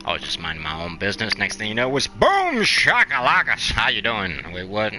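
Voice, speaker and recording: A gaming channel host with a deep voice talks fast, his tone pushed and bright, over soft background music. He rambles casually while playing a video game, sounding motivational and encouraging and using lots of filler words.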